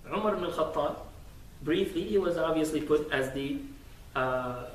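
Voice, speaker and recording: A man's voice: a little high, normal speed, a little hiss or hum. Man preaching in an echoey mosque. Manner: animated storytelling with acted quotes. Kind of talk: Friday sermon. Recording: echoey mosque hall from far off.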